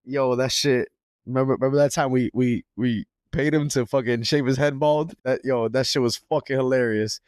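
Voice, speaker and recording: A man in his thirties co-hosting a podcast, bantering excitably with lots of slang and swearing. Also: medium pitch, moderate pace, clear, resonant tone, no room sound, clean studio sound. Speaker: podcast co-host. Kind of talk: casual chat. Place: indoor podcast setup.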